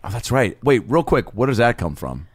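Male comedy podcast co-host, rambling riffer, very animated pitch. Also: a little fast, breathy edge, no echo. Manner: riffing, laughs a lot, rambly. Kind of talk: casual podcast chat.

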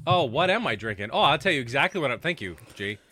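Male postgame host, bright dry tone, casual and profane. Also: mid-range voice, big pitch swings, fast, no room sound. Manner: loose, swearing, runs the panel. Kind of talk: casual podcast chat.

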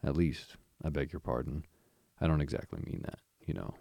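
A man voicing a hearty male otter in a storybook reading, blunt and jovial, with a gravelly voice. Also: extremely low pitch, moderate pace, warm tone, dry recording, exaggerated voice.

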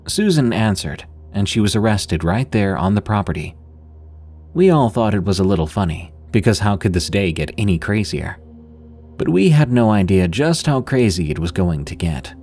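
A man narrating a first-person work story in a steady, scripted storytelling delivery. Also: low voice. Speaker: podcast narrator.

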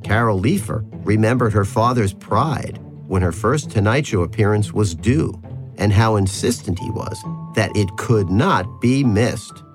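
Male documentary host, low, expressive narration over faint music. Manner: measured narration. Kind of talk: scripted narration and interviewing.

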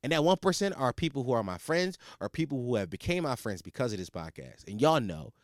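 A man's voice: medium pitch, very animated, fairly quick, no echo, clean studio sound. A man hosting a podcast, ranting in a profane, comedic monologue with frequent restarts. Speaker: podcast host.

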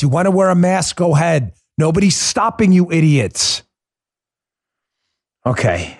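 A man's voice: fairly high pitch, very animated, a little slow, long pauses. A man hosting a political podcast, delivering a combative, mocking monologue.

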